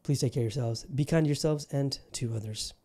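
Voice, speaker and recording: A man's voice: medium pitch, brisk, mellow. A man hosting his own podcast in a put-on Southern US accent, talking in a rambling, profane, fired-up way. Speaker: podcast host. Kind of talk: casual solo podcast monologue.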